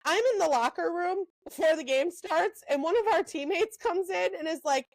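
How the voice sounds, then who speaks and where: A young woman co-hosting a podcast, telling animated stories in a casual chat, full of "um" and "like". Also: very high voice, dry recording, rough recording. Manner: animated storyteller, lots of "um" and "like", quick asides. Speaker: podcast co-host.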